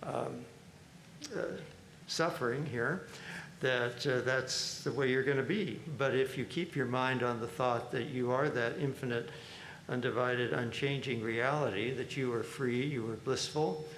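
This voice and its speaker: Relaxed man in a roomy space. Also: medium pitch, measured pace. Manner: relaxed, chuckling, hesitant with fillers. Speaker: monk leading a reading and discussion. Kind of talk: informal spiritual commentary. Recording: roomy echo, faint background noise.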